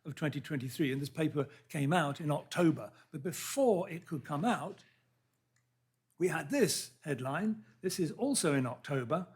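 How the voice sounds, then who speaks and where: A man speaks to an audience at a public lecture, with a husky, slightly breathy voice pitched a little above the usual for a man. He is earnest and halting, breaks off mid-word and starts again, and reads out quotations. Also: expressive, darkish tone. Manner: earnest, halting, with restarts and read-out quotes. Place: lecture hall.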